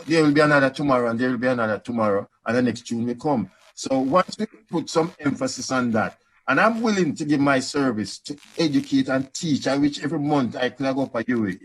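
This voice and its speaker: A Jamaican man on a discussion panel, his voice husky and a bit breathy at an ordinary middle pitch. He recounts industry stories with lively quoted back-and-forth and a relaxed island lilt. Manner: animated storytelling with quoted dialogue. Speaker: panelist, music industry veteran.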